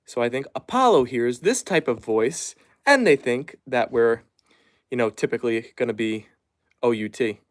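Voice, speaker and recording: A man casually chatting on a live stream at home, reading viewer comments aloud and softly hushing his dogs. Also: medium pitch, expressive, moderate pace. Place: at home, down in the basement.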